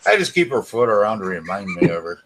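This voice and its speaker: A man's voice: fairly low pitch, sing-song, quick pace, fairly bright tone, a little hiss or hum. A man hosting a casual live stream from his living room, chatting with guests while he tinkers and mutters.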